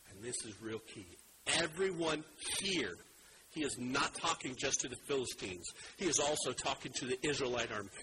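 A man preaching a sermon as pastor, talking with strong emphasis that builds to loud dramatic stress. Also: medium pitch, moderate pace. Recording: steady background hiss.

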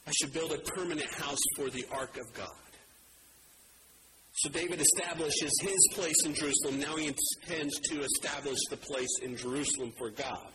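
A male preacher delivers a sermon in a fairly high voice. He talks casually and jumps up and down in pitch as he acts out the people he quotes. The recording carries a clear layer of background noise. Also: normal speed. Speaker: pastor.

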